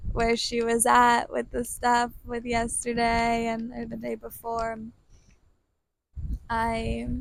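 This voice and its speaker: A woman telling a deeply personal story in a slow, earnest, heartfelt way, breaking into soft laughs now and then. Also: creaky, a little hiss or hum. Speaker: vlogger sharing a personal story.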